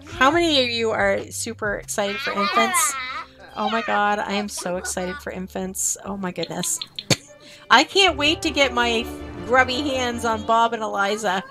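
Woman streamer, chatty gameplay commentary, higher voice, slow easy delivery. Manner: chatty, talks to game characters and chat.

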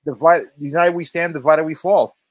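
A man's voice: on the high side, fairly even intonation, normal speed, no echo. Insistent man, dry close sound. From Jamaica. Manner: earnest, insistent, repeats words as he pushes a point. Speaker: podcast panelist. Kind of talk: casual panel discussion.

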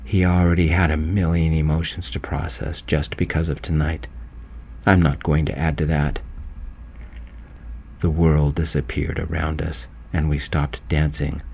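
A man narrating his own romance story in a gentle, slow, soft-spoken voice. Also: rumbling low, level tone, vocal fry, husky.

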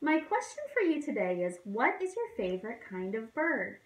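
A woman who is a children's librarian, leading a toddler storytime in a gentle, encouraging, sing-song teacher voice. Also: on the high side, sing-song, normal speed. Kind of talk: speaking slowly and simply to toddlers. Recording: roomy echo.

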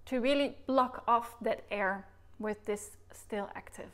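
A woman's voice: medium pitch, moderate pace, a bit bright. A woman recorder teacher giving a video lesson, explaining articulation patiently and singing the tonguing syllables aloud to demonstrate.

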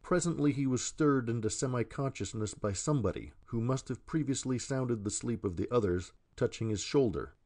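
A man reading an audiobook in a measured, scripted narration. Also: medium pitch, darkish tone.

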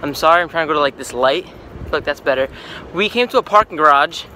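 An excitable young man with a high voice that leaps all over, joking and laughing as he films himself outdoors at night. Street noise and passing cars come through clearly on the camera mic. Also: fast. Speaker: vlogger. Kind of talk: casual vlog chat. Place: outdoors at night, streets and parking garage top. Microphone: handheld camera mic. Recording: noisy outdoor camera audio.

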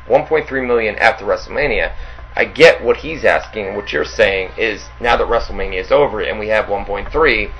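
A man's voice: fairly low pitch, moderate pace, dull audio, slight background noise. A man co-hosting a casual wrestling talk show, chatting loosely and repeating himself. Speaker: co-host. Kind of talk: casual podcast banter.

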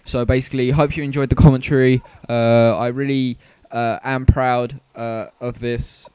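A man's voice: medium pitch, a little mellow, slight background noise. A man giving gameplay commentary, rambling, stumbling over words and apologizing often. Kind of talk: video game commentary.

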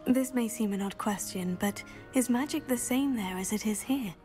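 A woman's voice: fairly high pitch, normal speed, mellow, faint music behind, natural voice. An actress playing a polite, earnest young female student.

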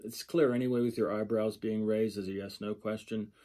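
A man's voice: lowish voice, steady tone, fairly quick, warm tone. A man giving a lecture, working through a textbook page by page, thinking aloud and repeating example phrases. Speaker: sign language instructor.

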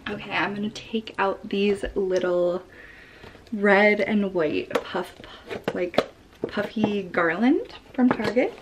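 A woman's voice: medium pitch, slow, slight background noise. A young woman vlogging in a bubbly, gushing way, talking to a handheld camera at home and while out shopping. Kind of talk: casual vlog narration. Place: stores and at home.

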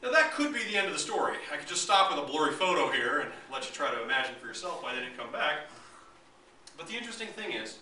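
Animated, bright-voiced male lecturer in an echoey hall. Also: a little high, fast. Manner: animated, joking, acts out voices of both sides. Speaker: history lecturer. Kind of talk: public lecture. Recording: echoey hall, mic from a distance, faint room noise.

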